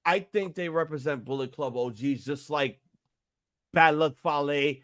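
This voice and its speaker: A man co-hosting a casual wrestling chat show, animated and argumentative, swearing casually. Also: a little high, measured pace, no room sound, clean studio sound. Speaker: podcast co-host.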